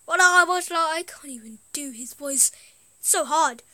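High, bright-voiced woman chatting. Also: normal speed, no room sound. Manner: rambling, easily amused, trails off. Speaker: gaming video host. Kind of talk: casual gameplay commentary.

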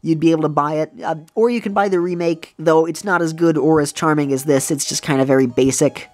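A woman hosting a let's play, in a rather low voice for a woman. She rambles in casual gameplay commentary, restarting her sentences often, with enthusiasm. Faint music runs underneath. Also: fairly even intonation, a little fast, darkish tone, no room sound. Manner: rambling, many restarts and fillers.

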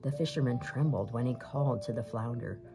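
A woman reading a fairy tale aloud as storyteller, with steady, expressive narration. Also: very deep voice, brisk, faint music behind.

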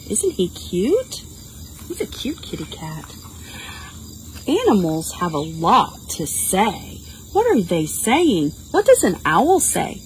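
A woman reads a picture book aloud to toddlers, her pitch leaping around in a bouncy sing-song. She talks slowly and patiently, coaxing the little ones and making animal noises as she goes. Faint insect chirps hum in the open air behind her. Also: wildly swooping pitch, a little mellow, poor audio. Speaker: children's librarian. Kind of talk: toddler storytime reading. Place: outdoors.

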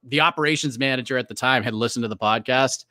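This guest on a casual podcast interview is an MMA reporter from New England with a Boston accent, telling stories chattily with plenty of restarts and fillers. His medium-pitched voice is quick, bright and forceful. The recording is studio quality with no echo.

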